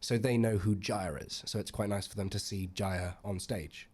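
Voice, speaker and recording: Curious low-voiced young man asking questions. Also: steady tone, normal speed, a little mellow, husky. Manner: curious, probing questions, supportive. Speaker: podcast co-host. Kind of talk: casual chat, interviewing co-host.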